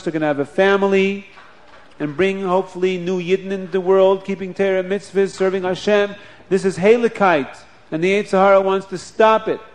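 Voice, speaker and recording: A man with a rather high voice, telling a story to children. His delivery is animated and expressive, lingering on key moments.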